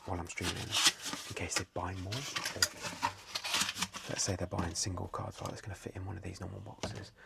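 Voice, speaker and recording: A man, softly whispering as he chats casually and rambles during an ASMR video. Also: low voice, gravelly, heavy background noise. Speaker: card seller and streamer. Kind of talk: soft-spoken ASMR chat. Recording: loud crinkling packaging close to the mic.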